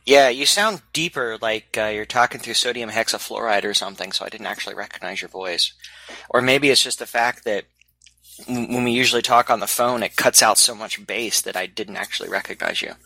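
Sharp, husky man in a dry room. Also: on the low side, brisk, no echo, poor audio. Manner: chatty, teasing. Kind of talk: casual group chat.

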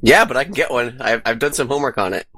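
A man's voice: medium pitch, expressive, fast talker, sharp tone, slightly rough. A man in a casual group chat, explaining earnestly and hesitantly, often repeating words.

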